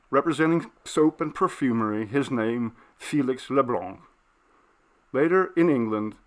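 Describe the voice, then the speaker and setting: A man narrating a classic ghost story in the first person, measured and deliberate. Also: mid-range voice, a bit bright. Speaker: narrator, audiobook reader.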